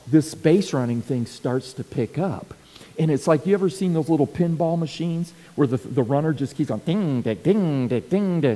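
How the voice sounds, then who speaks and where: A middle-aged man giving a teaching talk for church leaders, telling stories and acting out quotes and sound effects. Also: medium pitch. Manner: animated storyteller, acts out quotes and sound effects. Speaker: speaker coaching church leaders. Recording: long hall reverb.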